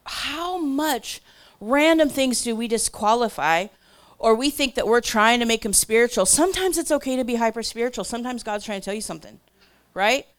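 A woman telling a testimony story to a church crowd in a chatty way, full of asides, that swings from loud bursts to whispers. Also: on the high side, expressive, normal speed. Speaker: church speaker.

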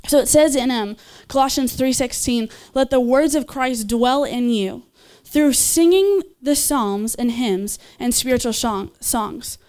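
A young woman giving a casual, enthusiastic sermon, chatting with laughs and fillers and jumping up in pitch when she voices others. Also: unhurried, few pauses. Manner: animated, leaps in pitch when voicing others. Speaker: speaker at a church gathering.

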